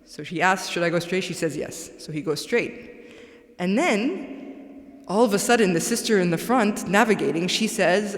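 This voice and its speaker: A woman's voice: fairly low pitch, expressive, normal speed. A woman giving a religious talk to a congregation, conversational, often checking in with "right?". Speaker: guest speaker. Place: large mosque hall. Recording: echoey hall with long reverb.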